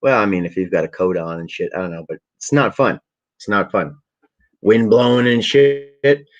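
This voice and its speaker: Laid-back young male vlogger, low voice, profane rambling storyteller; muffled home recording. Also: lively intonation, fairly quick, fairly bright tone, soft background music. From Ottawa area, Canada. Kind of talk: casual storytelling. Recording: dull lo-fi webcam audio.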